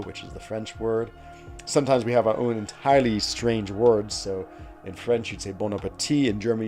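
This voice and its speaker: Mellow, chatty male game streamer. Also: lowish voice. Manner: chatty and upbeat, laughs often. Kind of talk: casual livestream chat, answering viewers.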